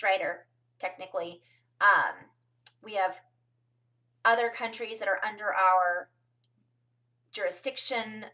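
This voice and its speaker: Bright rambling woman from California. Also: on the high side, far from the mic. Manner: rambling, frequent ums, addresses viewers as you guys. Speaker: spiritual vlogger. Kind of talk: casual spiritual talk to camera.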